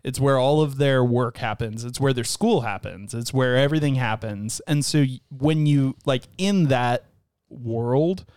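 Podcast guy talking movies, smooth clear voice, dry sound, says stuff twice to hammer it home. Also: medium pitch, a little slow, a little mellow, dry recording. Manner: chatty, emphatic, repeats points for stress. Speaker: podcast co-host. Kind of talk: casual chat.

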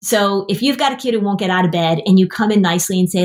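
A woman's voice: medium pitch, fast, few pauses. Brief: woman in her fifties, therapist host, plain explanatory podcast talk. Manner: explanatory, acts out parents and kids in lively voices. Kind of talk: casual podcast chat.

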